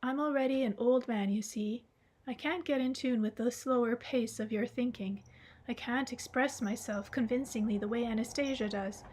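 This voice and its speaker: A woman reading the part of a gentle, wise old man in an audiobook, explaining calmly and patiently. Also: fairly high pitch, normal speed, natural voice, rough recording.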